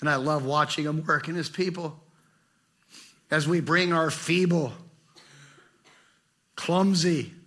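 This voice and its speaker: A middle-aged man preaching a sermon with passion, swinging between fervent bursts and hushed, tender lines. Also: a little high, slow pace, pauses often. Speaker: pastor.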